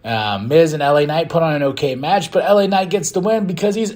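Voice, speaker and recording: A young man talks casually through a wrestling recap on his podcast. His pitch swings widely as he jumps into quick acted-out lines, loud and high, then drops back to a low, relaxed chat. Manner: excitable, acts out quotes in bursts. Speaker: podcast host.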